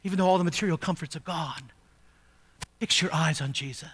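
A man's voice: on the high side, fast talker, breathy edge. A male pastor preaching a sermon, reading scripture aloud and asking the congregation rhetorical questions, rising to emphatic peaks.

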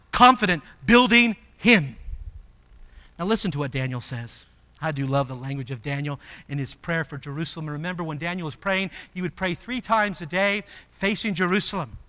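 Male pastor, high voice, sermon delivery, emphatic with sharp swings from hushed to loud.

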